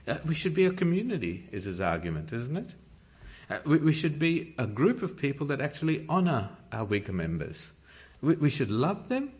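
A man's voice: mid-range voice, big pitch swings, normal speed. A man preaching a sermon, reading scripture and pressing his points earnestly. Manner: earnest, emphatic, rising to stress key points.

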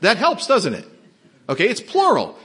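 Husky-voiced male preacher, animated delivery. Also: high voice, normal speed. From not from Texas. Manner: emphatic, rising sharply on rhetorical questions. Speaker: pastor. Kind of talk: sermon.

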